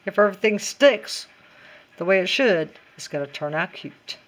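A woman's voice: medium pitch, lively intonation, normal speed. A woman in a casual DIY craft tutorial, chatty and giggly and talking to herself as she works.

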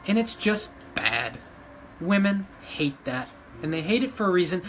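A man who runs a dog rescue, ranting emotionally to his followers, pleading one moment and shouting defiance the next. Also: high-pitched, animated, moderate pace, a little hiss or hum. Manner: agitated, pleading, swings between quiet and loud. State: emotional after crying. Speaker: vlogger running a dog rescue.

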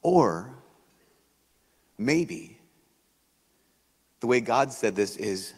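A man preaching a sermon as a priest, in a conversational, animated way, acting out the voices he quotes. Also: medium pitch, very slow, husky. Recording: long hall reverb.

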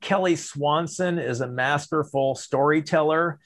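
Man, speaking coach, fairly high voice, animated, varied loudness, deliberate pauses. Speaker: storytelling and speaking coach, guest. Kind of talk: podcast interview answers.

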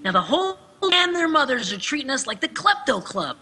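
A man's voice: very high voice, very animated, pushed and bright, pitched above the performer's own voice, heavily acted. A man voicing a hot-headed teenage boy from a game, ranting indignantly. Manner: indignant, quick, rising rants.

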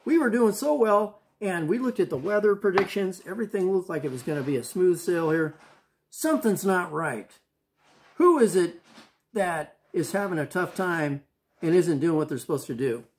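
A man's voice: high voice, animated, normal speed, darkish tone. A man doing worried sailors in a storm. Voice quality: anxious, questioning. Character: worried group of male sailors.

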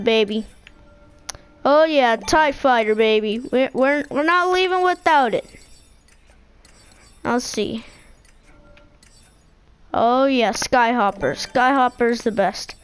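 A woman giving silly, boastful let's-play commentary over a video game, excitable and playful. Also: high-pitched, clear, resonant tone. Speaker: gaming video maker. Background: video game music.

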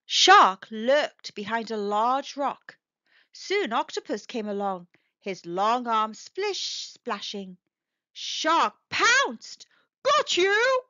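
A woman reading a picture book aloud to young children, gentle, sing-song and expressive. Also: on the high side, extremely slow, dry recording. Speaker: children's storytime reader. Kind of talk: slow expressive read-aloud for young kids. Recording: dull lo-fi dry recording.

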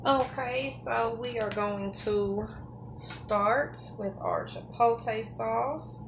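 A woman's voice: a little high, slow pace, noisy background. A woman hosting her own cooking channel, chatting casually as she cooks and drawling in a homey country voice.

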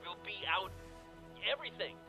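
A man's voice: high-pitched, lively intonation, moderate pace, bright, forceful tone, soft background music, heavily acted. An actor playing a weary, cautious soldier who earnestly warns his team before reluctantly joining in. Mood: wary. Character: weary, cautious male ex-special-agent soldier.

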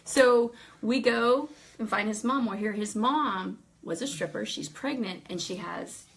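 A woman telling a ministry story in casual talk, animated and laughing often as she acts out what people said. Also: on the high side, unhurried, vocal fry.

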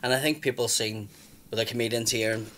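A man's voice: medium pitch, steady tone, fast talker, a bit bright, a little hiss or hum. A man in his thirties with a Belfast accent, a stand-up comedian telling stories bluntly, swearing freely and acting out what people said. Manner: blunt storyteller, swears freely, acts out quotes. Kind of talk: casual chat.

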